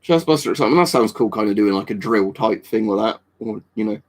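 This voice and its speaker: A man's voice: fairly low pitch, lively intonation, fast. An English man hosting a live stream, chatting casually and answering viewer comments in a rambling, offhand way. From England. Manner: rambling and offhand, with many fillers and restarts. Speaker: livestream host.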